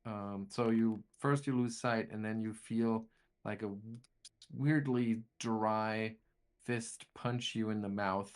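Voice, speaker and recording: A man's voice: fairly low pitch, fairly even intonation, takes it slowly. A man running a tabletop game as game master, narrating turns and thinking aloud. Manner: thinking aloud, rambling with restarts.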